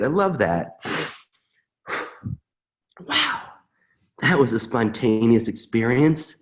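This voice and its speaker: Expressive man with a lively voice. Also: mid-range voice, takes it slowly, pauses often. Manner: earnest, emotive, repeats mantras. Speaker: webinar presenter. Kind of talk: emotional live demonstration.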